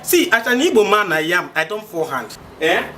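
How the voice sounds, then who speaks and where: A man's voice: high-pitched, very animated, a little fast, bright, forceful tone, heavily acted. A man playing a boastful Nigerian rich suitor. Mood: coaxing. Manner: boastful, wheedling pidgin flirting. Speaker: wealthy suitor. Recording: roomy, from far off, faint hiss.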